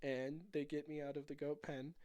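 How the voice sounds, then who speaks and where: A young man hosting a podcast in casual chat, rambling and excitable as he tells stories and gives strong opinions. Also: on the high side, normal speed. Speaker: podcast host.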